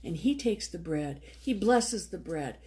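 A woman's voice: on the low side, unhurried, a little hiss or hum. Conversational woman preaching a sermon. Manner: conversational, retells story with lively voiced quotes. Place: church.

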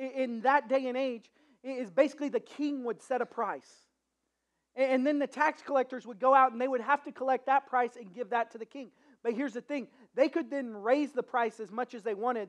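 High-voiced pastor telling a story. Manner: casual, animated retelling with many restarts. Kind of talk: storytelling sermon.

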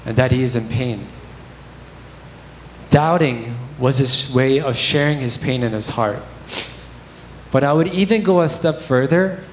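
Young male preacher, candid storytelling sermon, roomy church echo, faint noise. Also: medium pitch. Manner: candid, conversational storytelling with fillers. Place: church sanctuary.

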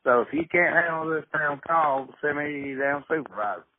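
A man's voice: fairly high pitch, moderate pace, a little hiss or hum, natural voice. A man playing a blustering Southern welder in his thirties over a prank phone call, with a cursing, indignant drawl. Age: 30s. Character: blustering 37-year-old male Mississippi welder. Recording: tinny phone line.

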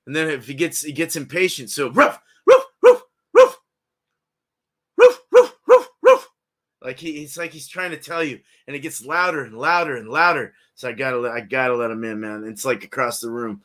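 Bright-voiced laid-back man on a livestream. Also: medium pitch, fast, few pauses. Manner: rambling, laid-back, laughs often, greets viewers by name. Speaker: host of a live beer review stream. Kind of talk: casual live-stream chat. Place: at home, indoors.

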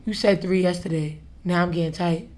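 A woman's voice: fairly low pitch, fairly even intonation, a little fast, a little mellow. A woman from Harlem, a podcast guest, talking back defiantly in a heated argument. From Harlem, New York. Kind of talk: heated casual podcast banter.

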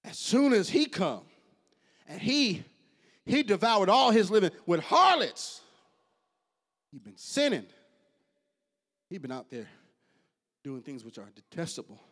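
A man preaching a sermon as pastor, swinging between loud high bursts and quiet, low asides. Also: sing-song, unhurried, pauses often.

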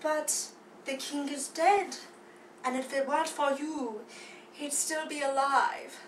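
A woman doing a sly, scheming male lion villain, with a low voice and hushed, menacing delivery. The voice is set back from the mic in a roomy, echoing space. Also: fairly even intonation, slow, slight background noise. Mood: sinister. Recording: roomy echo, far from the mic.

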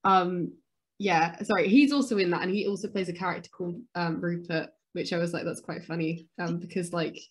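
A woman's voice: lowish voice, brisk, breathy edge. Woman co-host in loose casual chat, rambling with lots of fillers. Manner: rambling, many fillers and self-corrections; excitable, gasps and exclaims. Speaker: podcast co-host.

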